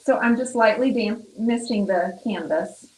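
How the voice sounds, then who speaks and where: A chatty, upbeat middle-aged woman hosts a live painting stream. She talks through each brushstroke in a casual, friendly way, her voice sitting in an ordinary middle pitch. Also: unhurried, darkish tone.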